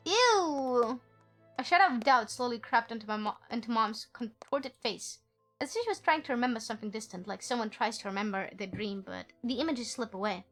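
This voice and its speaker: Playful woman streamer, high and bright, giggly, reads story text and teases chat. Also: fast, soft background music. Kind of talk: game stream, reading story text and chatting.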